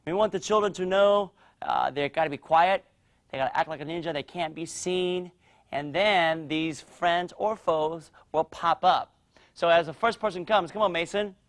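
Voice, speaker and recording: A man teaching a martial arts class for young children, explaining drills and loudly cheering the kids on. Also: on the high side, moderate pace. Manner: energetic, coaching and cheering children on. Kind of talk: instructional demo with kids.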